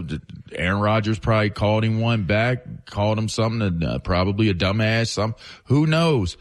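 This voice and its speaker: A male co-host on sports radio, speaking in a relaxed, joking manner. He chats casually about football with the other hosts. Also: on the low side.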